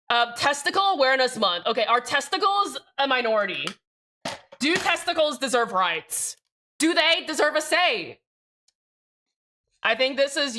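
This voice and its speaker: Streaming live, a young woman talks to her chat loudly and excitably, rambling from one joke to the next. Her voice sits a little high with a sharp, forceful edge.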